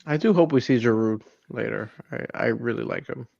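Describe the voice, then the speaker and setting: A man's voice: medium pitch, brisk, creaky, darkish tone, no room sound, highs cut off. A man co-hosting a watch-along, chatting and joking playfully with the group as the match plays. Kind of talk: casual chat over a live match.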